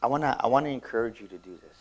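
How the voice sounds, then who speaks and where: A man's voice: mid-range voice, animated, racing. A man giving a motivational seminar talk, telling a personal story with emphatic delivery and frequent repeated words and restarts. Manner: emphatic, acts out quoted dialogue. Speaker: motivational speaker.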